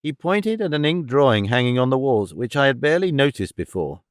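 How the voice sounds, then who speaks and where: A man narrating an audiobook in a measured, even storytelling manner, recorded on a studio microphone. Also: mid-range voice, no echo. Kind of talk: scripted narration.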